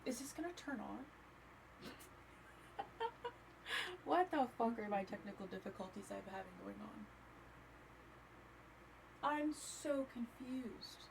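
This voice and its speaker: A woman's voice: mid-range voice, lively intonation, moderate pace, vocal fry, long pauses, noisy background. A young woman casually chatting and laughing while playing a game, swearing freely. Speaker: gaming streamer. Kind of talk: casual gameplay chat.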